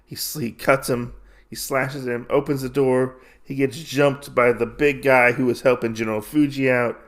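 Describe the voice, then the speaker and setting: A man hosts a podcast and recaps a comic in a loose, rambling way, with many fillers. His voice is gravelly and sits at an ordinary middle pitch. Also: flat delivery, normal speed. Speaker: podcast host. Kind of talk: casual comic-book recap.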